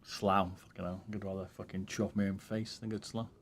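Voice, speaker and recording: A man's voice: low-pitched, little pitch movement, a little fast, a little hiss or hum. A man live streaming a game, chatting casually to his viewers with plenty of swearing. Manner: laid-back, swears freely, chats to viewers. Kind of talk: casual chat while gaming.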